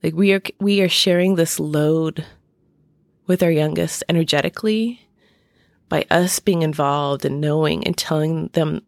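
A middle-aged woman hosting a podcast, speaking haltingly with many fillers and restarts as she searches for words. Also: sits low, vocal fry, no room sound, studio quality. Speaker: podcast host. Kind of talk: personal podcast talk.

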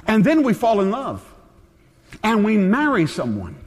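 A man in his forties preaching a sermon, talking in an earnest, conversational way that drops soft and tender at times. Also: sits high, huge pitch swings, a little slow. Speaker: pastor. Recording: long hall reverb.

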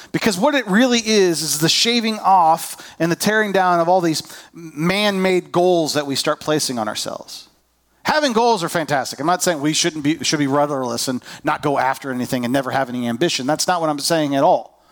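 A pastor preaching in a relaxed, conversational way. His voice sits a little high for a man, and he slips into other people's inner voices as he talks. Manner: conversational, self-deprecating, acts out inner voices. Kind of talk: sermon.

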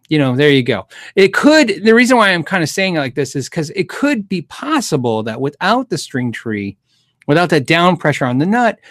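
A man with a somewhat high voice hosts a casual guitar livestream and answers viewer questions. He rambles, restarts his sentences and chuckles now and then. The sound is close and dry, with no room around it. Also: fairly bright tone, no room sound. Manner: rambling, self-correcting, chuckles often.

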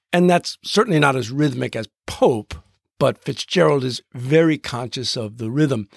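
A man hosting a podcast in a reflective, literary way, slowing down to read verse aloud. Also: mid-range voice, vocal fry, no echo, studio quality. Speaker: podcast host. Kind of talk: scripted podcast narration.

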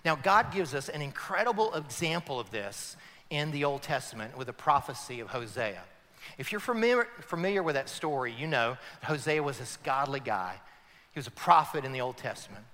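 A man, a pastor, preaching a sermon emphatically, swinging between loud climaxes and hushed passages. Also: mid-range voice, big pitch swings, fairly quick, long reverb tail.

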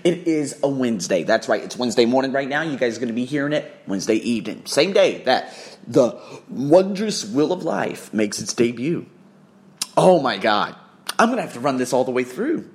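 A man's voice: medium pitch, moderate pace. A young man hosting a casual solo podcast, telling travel stories with lots of swearing and acted-out quotes. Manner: animated, profane storytelling with acted-out quotes. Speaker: podcast host.

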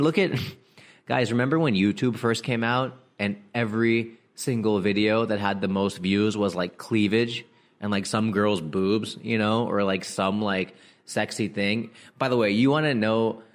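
A young comedian with a somewhat low voice riffs casually to his listeners. He talks in slang, laughs mid-sentence and breaks into quick impressions of other people. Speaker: comedian podcast host. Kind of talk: casual comedic riffing monologue.

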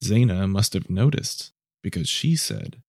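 Measured, mellow male storyteller. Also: sits low, expressive, gravelly, no room sound, studio quality. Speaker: narrator. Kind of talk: scripted story narration.

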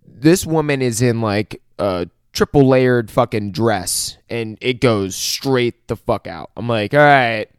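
A man's voice: mid-range voice, slow pace, hardly any pauses, clean tone, no echo, clean studio sound. A man casually recapping a TV episode, swearing constantly, rambling and acting out the characters' lines as he retells them. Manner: profane, rambling, animated retelling with quoted dialogue. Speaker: show recapper.

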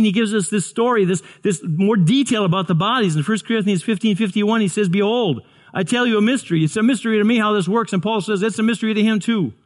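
A man preaching a sermon, earnest, often repeating and restarting words. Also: high voice. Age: 60s. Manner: earnest, stumbling restarts, builds to excited shouts. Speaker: pastor.

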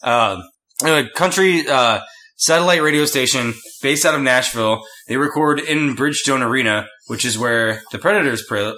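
Bright-voiced young man chatting casually. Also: mid-range voice, moderate pace. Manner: chatty, rambling, teasing. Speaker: podcast co-host. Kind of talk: casual chat.

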